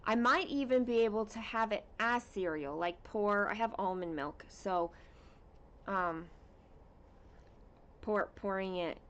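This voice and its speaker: A woman hosting a casual cross-stitch livestream at home, chatting with viewers and reading out their comments in an unhurried way with plenty of fillers. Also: medium pitch.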